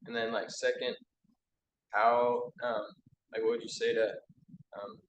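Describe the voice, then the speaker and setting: A man's voice: medium pitch, monotone, slight background noise, poor audio. Hesitant young man asking a question. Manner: hesitant, halting, full of "like" and "um". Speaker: audience member asking a question.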